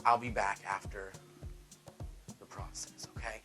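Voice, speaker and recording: A bright, forward-sounding man chats sassily through a home cooking vlog. He swears freely and keeps calling his viewers "girl" and "honey". Faint music sits behind his voice in the kitchen. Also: fairly low pitch, flat delivery, a little slow, rough recording. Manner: sassy, profane, talks to viewers as "girl" and "honey". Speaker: cooking vlogger.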